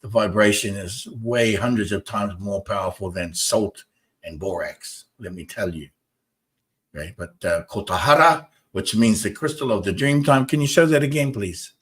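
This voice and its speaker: A man's voice: fairly low pitch, normal speed. A man hosting a spiritual talk show, speaking emphatically and repetitively and arguing with his viewers. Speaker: host.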